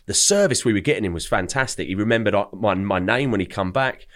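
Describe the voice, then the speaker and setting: A man's voice: lowish voice, fast talker, fairly bright tone. A young man from England, telling a story in a casual, chatty way as a podcast guest, often repeating words as he starts his sentences. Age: young adult.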